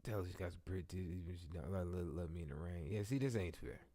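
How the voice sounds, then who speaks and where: A man's voice: low-pitched, a little fast, warm tone. A man live-streaming, reacting casually to a video in a laid-back, slangy way. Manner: laid-back, slangy, laughs and talks along with clips.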